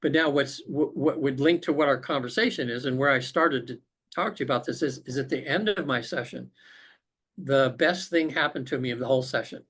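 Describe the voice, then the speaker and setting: A man with a medium-pitched, fairly bright, slightly rough voice talks fairly quickly as a podcast guest over a remote call. He shares a personal spiritual experience in an earnest, reflective way.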